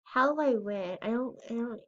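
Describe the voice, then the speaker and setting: A woman's voice: a little high, normal speed, fairly bright tone, highs cut off. A female voice giving casual, rambling commentary while playing a game, often unsure of herself and squealing over cute items. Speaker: gamer showing her game house.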